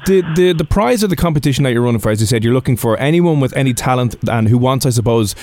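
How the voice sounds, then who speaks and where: Fast-talking radio host. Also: male voice, mid-range voice, expressive, a little mellow, no room sound. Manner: joking, self-deprecating, laughs often. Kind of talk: radio interview banter.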